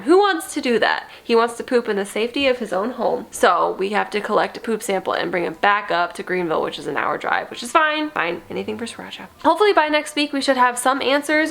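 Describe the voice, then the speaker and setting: Young woman, casual vlog chat, phone camera, medium pitch, chatty and giggly. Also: vocal fry, fairly bright tone. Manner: chatty, laughs often, coos at the cat in a high baby voice. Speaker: kitten foster vlogger. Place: home and car.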